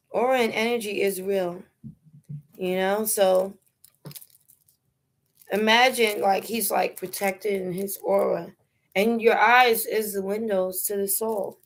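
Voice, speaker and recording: A woman's voice: mid-range voice, steady tone. A young woman with a New York accent chatting casually on a phone livestream, laughing often and dropping slang. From New York City. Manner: unhurried, drawn-out talk with frequent laughter and slang. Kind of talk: casual live stream chat.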